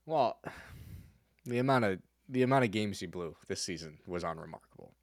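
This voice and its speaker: A man's voice: sits low, expressive, normal speed, no room sound, studio quality. A man hosting a podcast, chatting casually about baseball in a rambling way with many restarts. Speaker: podcast host. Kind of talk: casual sports chat.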